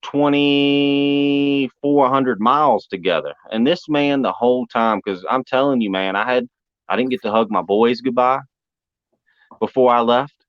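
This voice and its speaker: A man's voice: mid-range voice, normal speed, no room sound. A man telling a story in casual, folksy talk, often calling the listener man or brother. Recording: dull muffled sound.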